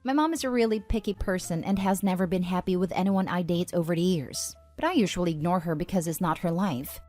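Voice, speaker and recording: A woman narrating online posts aloud at an even, steady reading pace. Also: fairly low pitch, fast talker, soft background music.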